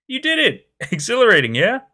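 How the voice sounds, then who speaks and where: A reckless young man talks in a loose, slurring, carefree way, as a narrator puts him on. His voice bounces lively with a gravelly rasp, part of a horror story reading. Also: medium pitch, moderate pace.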